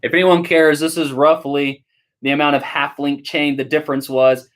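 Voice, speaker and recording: A woman's voice: deep voice, little pitch movement, moderate pace. A woman hosting a casual live stream while building a bike, chatting with viewers in a teasing way and laughing often.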